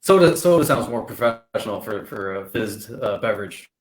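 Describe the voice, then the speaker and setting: A man co-hosting a talk show, easygoing and agreeable, talking in loose halting phrases. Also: fairly low pitch, expressive. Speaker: co-host. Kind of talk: casual chat.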